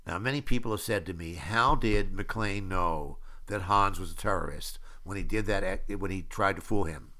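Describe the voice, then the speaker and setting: An older man in his seventies with a low, bright, forward voice tells behind-the-scenes stories as a screenwriter. He talks the way he remembers things, with plenty of "uh"s and acted-out quotes from the people in his stories. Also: normal speed, few pauses. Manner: anecdotal storytelling, with many fillers and acted-out quotes. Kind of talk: film audio commentary.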